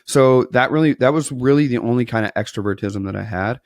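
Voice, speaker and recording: Man in his thirties from Wisconsin, podcast guest; gravelly, dry close sound, lively storyteller who plays out the dialogue. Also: medium pitch, a little fast, dry recording. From Wisconsin, USA. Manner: animated storyteller, acts out quoted dialogue. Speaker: podcast guest, asphalt business owner. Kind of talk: casual interview storytelling.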